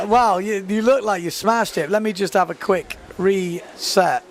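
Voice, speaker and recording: A man commentating live on a sports event, chatty and quick to laugh. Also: sits high. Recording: faint outdoor noise.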